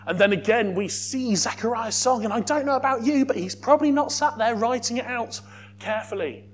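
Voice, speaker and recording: A man preaching a sermon as a youth worker, lively, with joking asides to the congregation. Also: extremely high pitch, brisk, a little hiss or hum.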